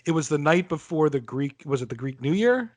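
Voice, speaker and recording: A man's voice: fairly high pitch, very animated, brisk. A young adult man co-hosting a podcast, telling a story and teasing his friends in casual chat. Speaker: podcast co-host.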